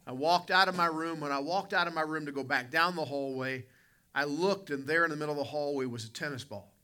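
A man's voice: on the high side, a little fast, sharp tone. A male pastor, preaching a sermon with folksy, dramatic storytelling and calling out to people in the congregation. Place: church conference hall.

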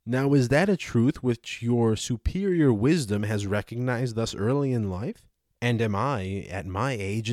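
Old philosopher guy grilling his accuser, ironic, mid-pitched, dry close sound, read by a man. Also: darkish tone, dry recording, natural voice. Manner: rhetorical, cross-examining. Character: aged male philosopher, ironic and probing. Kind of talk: dramatized audiobook reading.

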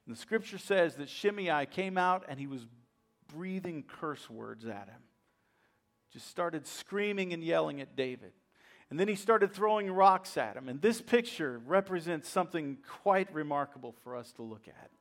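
High-voiced preacher man, dramatic storytelling. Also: expressive, moderate pace. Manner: dramatic storytelling, swings from hushed to loud. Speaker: pastor. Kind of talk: sermon.

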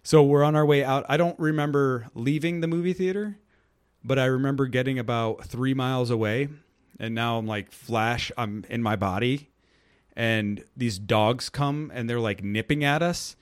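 A young man with a middle-pitched voice talks in a casual, rambling way. He tells a long story with lots of fillers. He acts out the people in it with a raised, goofy voice. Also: moderate pace, clean tone.

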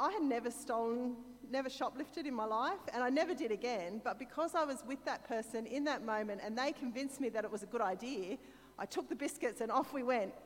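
A church speaker from Sydney, Australia, with an Australian accent, delivers a conversational sermon, telling stories with chatty, self-deprecating asides. Her voice is on the high side, and the sound is that of a big room.

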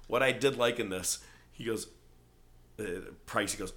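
This male podcast host has a lowish voice and speaks at normal speed with long pauses. In a loose chat recapping a TV show, he curses freely and performs quotes in different character voices with plenty of energy.

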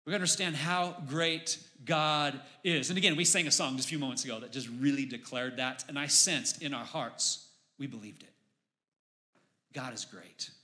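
A pastor preaching a sermon in church, building to emphatic, raised exclamations on key points. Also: male voice, mid-range voice, moderate pace, bright, forceful tone.

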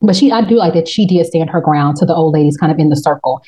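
A woman hosting a casual TV recap chat, telling the story in a slangy, profane, animated way and slipping into quick voices for the characters. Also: low-pitched, slightly rough, poor audio. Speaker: podcast host.

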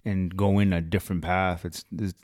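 Low-voiced man chatting casually. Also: flat delivery, moderate pace, a little mellow, no echo, studio quality. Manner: loose and conversational, frequent fillers. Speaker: fitness coach. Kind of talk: casual podcast chat.

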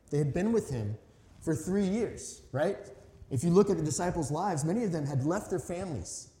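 A man's voice: fairly high pitch, warm tone. A man in his thirties preaching a sermon as a pastor, telling a story in a conversational, earnest way with emphatic stresses. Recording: echoey hall reverb.

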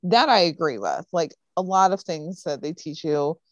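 A woman's voice: sits low, expressive, moderate pace, no echo. A woman casually recapping a TV episode for a podcast, chatty and full of fillers.

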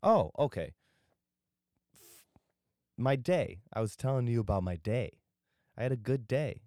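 A man's voice: mid-range voice, expressive, measured pace, dark tone, no echo, studio quality. A tired young man rambling loosely through a solo podcast, drifting off topic and losing his train of thought. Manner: drowsy, meandering, loses his train of thought. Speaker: podcast host.

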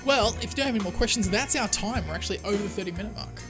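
A podcast co-host who talks in a casual, animated way. The host riffs on tangents and slips into exaggerated impressions. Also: medium pitch, very fast, over music. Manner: animated, breaks into jokey impressions. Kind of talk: casual chat.

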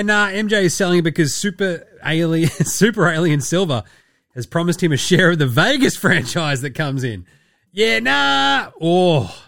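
An Australian man hosts his own podcast in a loose, profane, rambling way, laughing as he goes. His voice sits a little high and sounds close and dry, with faint music underneath. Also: fairly bright tone, no echo. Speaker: podcast host. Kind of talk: casual sweary podcast chat.

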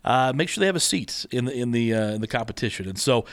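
A man's voice: mid-range voice, animated, quick pace. A man co-hosting a podcast, talking casually with lots of fillers and restarts. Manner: rambling, teasing, many fillers and restarts. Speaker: podcast co-host and competition organizer.

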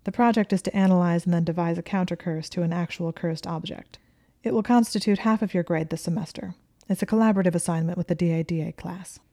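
A woman voicing a strict, businesslike young professor with brisk speech. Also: lowish voice, mellow, natural voice.

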